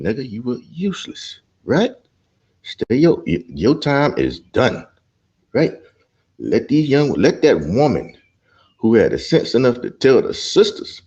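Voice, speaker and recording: A man's voice: medium pitch, wildly swooping pitch, measured pace, darkish tone, dull audio. A middle-aged man ranting as a panel guest, blunt and profane. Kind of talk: ranting commentary.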